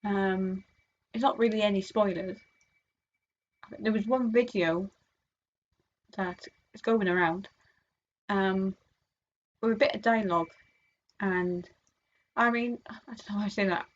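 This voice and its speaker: Rambling woman vlogger, dull sound. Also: mid-range voice. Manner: rambling, full of fillers and restarts. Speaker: fan vlogger. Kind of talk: casual chat.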